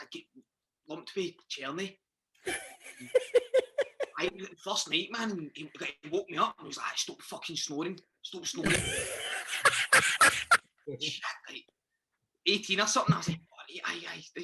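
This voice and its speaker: A man's voice: sits high, bright, forceful tone. A young Scottish man in his twenties, guesting on a podcast and telling rambling, sweary dressing-room stories with lots of restarts. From Scotland. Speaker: guest footballer. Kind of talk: casual podcast chat.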